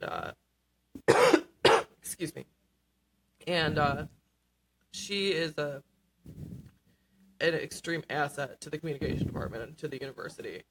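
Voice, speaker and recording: Earnest halting woman, faint noise. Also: low voice, vocal fry. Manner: earnest, halting, many fillers. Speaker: award-winning student scriptwriter guest. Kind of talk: radio interview answers. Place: radio studio.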